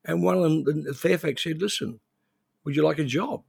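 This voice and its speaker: Older male guest, gravelly and husky, anecdotal interview talk. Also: a little high, moderate pace, darkish tone, dry recording, clean studio sound. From New Zealand. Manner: anecdotal, rambling with restarts. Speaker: interview guest, former journalist. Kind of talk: conversational interview.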